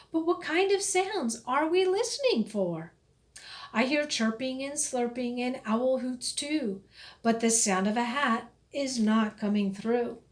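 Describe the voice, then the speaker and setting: A woman with a fairly high voice reads a rhyming picture book aloud, storybook-style, slow and expressive.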